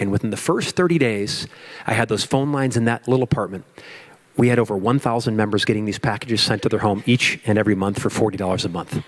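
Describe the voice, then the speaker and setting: A middle-aged man from Chicago giving a keynote talk, telling a lively business story and acting out his own panic and phone calls, now and then asking the audience questions. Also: mid-range voice. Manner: animated, acts out his own panic and quotes. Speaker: speaker at a business forum.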